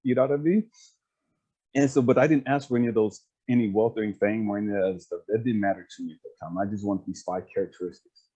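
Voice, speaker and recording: Man, earnest storyteller on a video call, mellow husky tone, emphatic and repetitive. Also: on the low side, steady tone, quick pace. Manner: earnest, emphatic, repeats phrases, often laughs and asks "you know what I mean?". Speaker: speaker and life coach. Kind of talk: casual personal storytelling.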